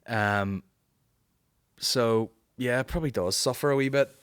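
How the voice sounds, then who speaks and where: A man's voice: medium pitch, a bit bright, clear, resonant tone, no echo, clean studio sound. A man with a Northern Irish accent hosting a casual podcast, rambling and swearing while answering listener questions. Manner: rambling, profane, with quick mocking impressions. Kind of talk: casual chat.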